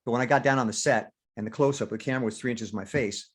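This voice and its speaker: With a slightly rough mid-range voice, an older American actor talks rapid-fire as a guest in an interview. The veteran is candid and animated, acting out inner voices and swearing freely.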